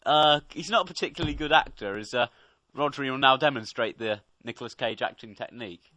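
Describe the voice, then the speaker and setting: A man's voice: mid-range voice, a little fast, sharp tone, dry recording. A young man co-hosting a casual podcast, giving a chatty, wry film review and laughing easily. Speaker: co-host.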